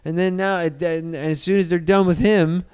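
A man chatting casually on a podcast, animated and sarcastic, with profane banter and quick mock voices. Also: high-pitched, clean tone.

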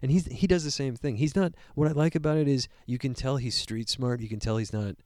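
A man co-hosting a casual movie review chat, animated and swearing freely while he acts out characters' lines. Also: medium pitch, brisk, dry recording, studio quality. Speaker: podcast co-host.

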